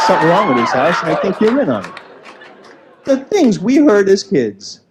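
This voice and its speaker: A man's voice: high voice, a little fast. A man doing a stand-up comedy set on a club stage, acting out little voices in his bits. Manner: animated, acts out voices in bits. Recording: noisy early-90s club taping. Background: audience laughter.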